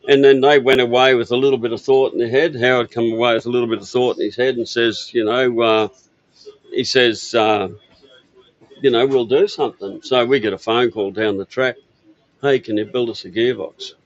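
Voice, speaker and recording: A man's voice: medium pitch, steady tone, normal speed, no room sound, lo-fi sound. An older man from Australia telling stories about his parts business in a rambling, easygoing way with lots of fillers. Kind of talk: casual interview storytelling. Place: outdoor expo stand.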